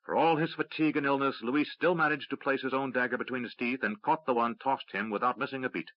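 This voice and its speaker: A man narrating a fantasy audiobook in a steady, measured reading. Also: mid-range voice, no echo. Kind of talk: scripted narration. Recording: dry, slightly dull audiobook recording.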